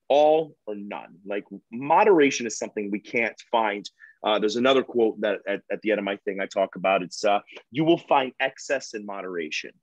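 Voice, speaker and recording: A man in his thirties, a firefighter guest on a podcast, talking casually and acting out quotes with lively swings in his voice. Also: on the low side, dry recording, lo-fi sound. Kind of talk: casual interview chat.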